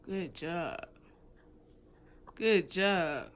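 Slow, playful woman vlogger. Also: lowish voice, lively intonation, slight background noise. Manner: playful baby talk and teasing banter. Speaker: family vlogger. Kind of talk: casual vlog chat. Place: outdoors on a walk.

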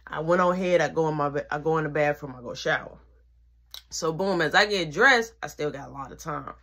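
A teenage woman telling a casual storytime, slangy and animated, with whispered asides. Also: deep voice, fairly quick.

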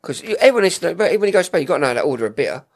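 A man's voice: a little high, sing-song, racing, vocal fry. A man co-hosting a casual podcast, teasing his friend and laughing often. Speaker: podcast co-host. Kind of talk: casual chat.

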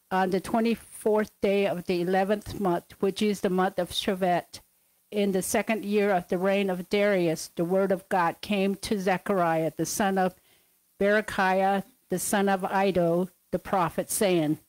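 A woman reading scripture passages and dates aloud over a video call, measured and careful. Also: medium pitch, darkish tone, no echo, rough recording. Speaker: scripture reader.

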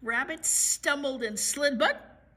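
A woman librarian reading a picture book aloud to children, pausing to chat about the pictures. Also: sits high, sharp tone. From United States. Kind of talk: children's story read-aloud.

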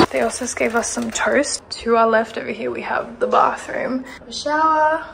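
A woman with a nasal voice from a cold, chatting upbeat and excited as a travel vlogger. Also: on the high side, vocal fry, a little hiss or hum. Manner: bubbly, upbeat, lots of "like" and "so excited". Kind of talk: casual travel vlog chat.

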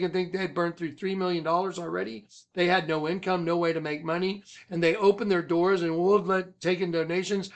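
A man who leads a ministry, telling a rambling personal story with emphatic swings from loud to hushed. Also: sits high, level tone, brisk. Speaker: ministry leader.

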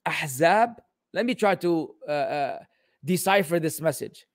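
High-voiced joking male teacher. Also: animated, unhurried, no room sound, studio quality. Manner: joking, exasperated, teasing. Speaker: Islamic teacher answering questions. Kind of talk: casual livestream Q&A lesson.

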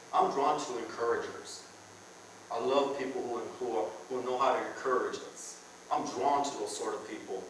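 A man's voice: mid-range voice, fairly bright tone, slight background noise. A man preaching a sermon to a men's conference, talking in an earnest, conversational way and repeating his phrases for emphasis. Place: church hall with a live audience. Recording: very echoey church hall, mic from far off.

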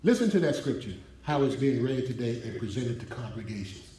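A male pastor preaching an emphatic sermon, his voice rising in pitch as he drives points home to a responding congregation. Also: expressive, a little fast, warm tone. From United States. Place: church hall. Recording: echoey hall from far off.

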